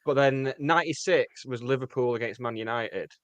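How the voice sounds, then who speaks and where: A man's voice: mid-range voice, no room sound. Man, podcast co-host, jokey rambling chat, dry close sound. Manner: jokey, rambling, quick asides. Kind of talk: casual chat. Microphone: podcast mic.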